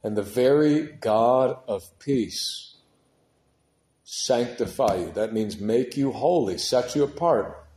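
A man preaching a sermon with passion, moving from hushed, heavy passages to loud, urgent ones, and dropping casual words like dude and man. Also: mid-range voice, expressive, slow, reverberant. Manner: impassioned, swings from hushed to shouting.

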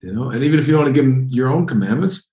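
A man's voice: medium pitch, very fast, mellow, echoey room, low-quality recording. A man preaching a conversational, emphatic sermon, often repeating phrases as he explains Bible verses. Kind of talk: expository sermon.

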